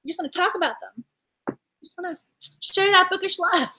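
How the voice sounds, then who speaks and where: A woman's voice: very high-pitched, lively intonation, a little fast, bright, forceful tone, slight background noise. A young woman hosting a casual book club chat, effusive and gushing, laughing often as she talks. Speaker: booktuber host.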